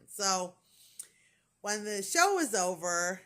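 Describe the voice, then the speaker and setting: A woman's voice: lowish voice, unhurried, fairly bright tone. A woman in her forties telling a rambling, gushing story in casual vlog chat, full of fillers. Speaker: crafting vlogger.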